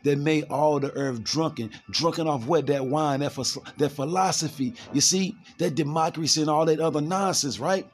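Fervent street preacher man with slang. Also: fairly high pitch. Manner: fervent, slangy, repeats words, reads verses slowly then rants fast. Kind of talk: impassioned scripture preaching.

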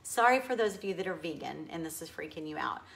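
Chatty and upbeat, this Texan-accented furniture painting instructor responds to viewer comments during a live DIY painting demonstration. She talks fast and animatedly in a gravelly voice on the low side. The audio quality is poor.

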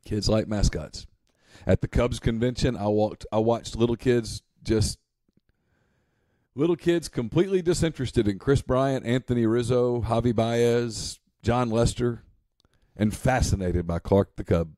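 A man's voice: mid-range voice, measured pace, mellow, no echo. A man co-hosting a sports podcast, talking casually with dry sarcasm. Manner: sarcastic, mock-serious.

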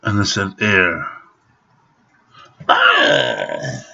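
A man's voice: lowish voice, unhurried, fairly bright tone, breathy edge. A middle-aged man ranting and swearing to the camera in an angry home vlog. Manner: profane, ranting, grumbling. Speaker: vlogger. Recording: dull lo-fi home recording.

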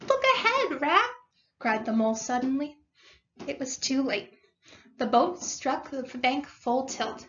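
A woman's voice: sits high, steady tone, measured pace, lo-fi sound. A woman teacher reading a story aloud to her class, stopping to explain words and what happens. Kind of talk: read-aloud lesson.

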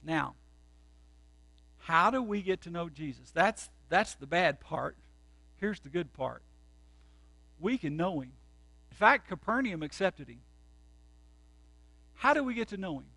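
A male pastor with a strikingly high, bright, forceful voice delivers a sermon. He tells his stories dramatically, swinging between loud outbursts and hushed asides. The recording is dry and close, with no room echo. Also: animated, a little slow, long pauses.

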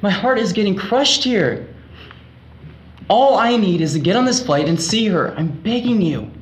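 A man's voice: sits high, lively intonation, normal speed, reverberant. A student actor playing a lovesick young man who pleads melodramatically with airline staff to get on a flight. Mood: pleading.

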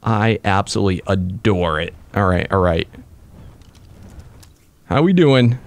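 A young man commentating his own gameplay, excitable and quick to break into frustrated outbursts. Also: sits low. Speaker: let's play gamer.

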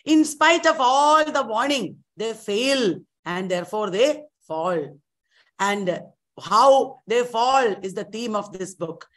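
A woman lecturer teaching an online literature class. She retells the story with animated flair and repeats key points for emphasis. Her voice sits a little high. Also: slow.

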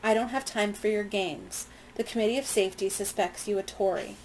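A woman's voice: mid-range voice, fast talker, a little mellow, a little hiss or hum, lightly acted, rough recording. A woman reading aloud, voicing a stern male officer who gives orders and makes accusations. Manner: stern and commanding.

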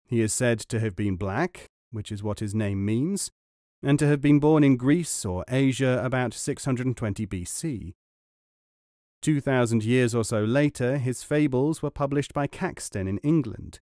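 Here a male audiobook narrator works through a book of world tales, his scripted delivery calm and evenly paced. His voice is medium in pitch, captured dry at studio quality.

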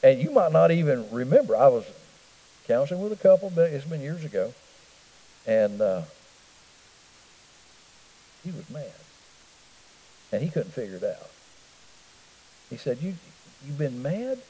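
A man's voice: mid-range voice, lively intonation, measured pace, pauses often, mellow, slightly rough, long reverb tail, low-quality recording. A middle-aged man teaching a church Bible study in a folksy, conversational way, often asking the room questions. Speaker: pastor. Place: church hall.

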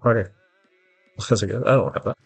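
A gaming YouTuber rambles through casual gameplay commentary, mocking himself and getting easily flustered, his voice congested and stuffy-nosed. It's lowish, steady, a little fast, creaky, and breathy, with no echo and faint game music behind.

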